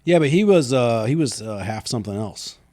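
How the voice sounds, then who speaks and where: Blunt young man with animated speech. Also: medium pitch, a little fast. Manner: blunt, argumentative. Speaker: podcast co-host. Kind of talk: casual comedy banter.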